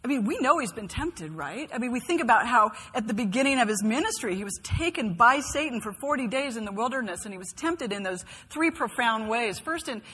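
A woman's voice: a little high, expressive, brisk, few pauses, fairly bright tone, breathy edge, long reverb tail. A woman giving a sermon who talks earnestly and keeps asking her listeners questions. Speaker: preacher.

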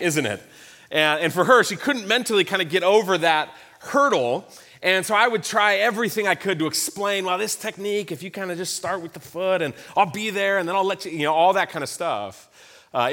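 A man's voice: high-pitched, sharp tone. A man in his thirties preaching a sermon, telling a personal story in a conversational way with emphatic repetition. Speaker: pastor.

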